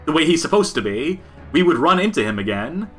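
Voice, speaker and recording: Man co-hosting, joking game commentary, lively, bright voice. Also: fairly high pitch, a little fast, faint music behind. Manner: animated, joking. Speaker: podcast co-host.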